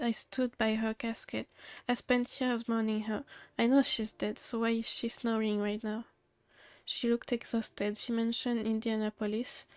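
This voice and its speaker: A woman's voice: on the high side, no echo. A woman streamer reading game dialogue aloud in a matter-of-fact way, with small asides of her own.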